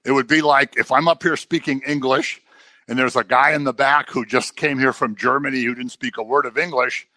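A man preaching a sermon in a conversational, animated way, sometimes acting out the people he quotes. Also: mid-range voice, fairly quick, no echo.

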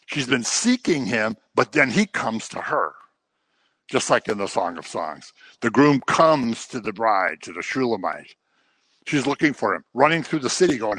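A man's voice: mid-range voice, very animated, moderate pace, a bit bright, breathy edge, dry recording. A man teaching the Bible in a conversational way, telling the stories and acting out the people he quotes. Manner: informal, with fillers and restarts. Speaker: preacher.

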